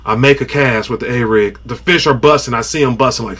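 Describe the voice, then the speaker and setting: Man, podcast host, casual storytelling, animated, bright voice. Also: medium pitch, a little fast. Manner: animated, acts out his own reactions and sound effects.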